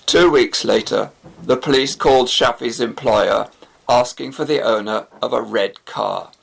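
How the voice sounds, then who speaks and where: A man reading a story aloud for English learners, slow and expressive. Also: mid-range voice, gravelly, slightly rough. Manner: slow and expressive, voicing each character. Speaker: narrator.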